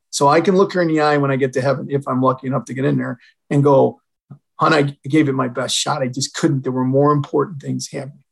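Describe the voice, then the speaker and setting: A man's voice: mid-range voice, vocal fry, husky, rough recording. An older man from Illinois, a retired fire chief, telling a personal story as a podcast guest and acting out the dialogue. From Illinois, USA. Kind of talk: storytelling in an interview.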